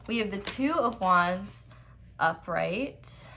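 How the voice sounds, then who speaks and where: A woman's voice: medium pitch, lively intonation, takes it slowly, bright, forceful tone. A young woman giving a casual tarot card reading at home, chatty and giggly, with rambling asides. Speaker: tarot reader.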